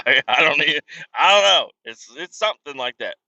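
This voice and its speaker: A man's voice: a little high, animated, normal speed, sharp tone, no echo, highs cut off. A man hosting a casual podcast, rambling through family stories in a profane, self-deprecating way while on the road. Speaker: podcast host. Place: car.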